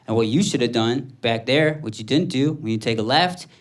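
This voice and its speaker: A man's voice: medium pitch, lightly acted. A comedian doing a patient male bike cop. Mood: explaining. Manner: matter-of-fact, explaining slowly.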